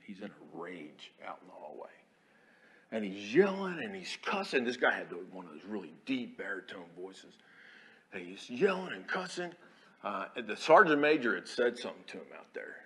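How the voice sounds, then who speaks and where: A man, an Army chaplain preaching a folksy, storytelling sermon in a church, dropping to quiet asides and rising to loud declarations. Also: on the low side. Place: church sanctuary.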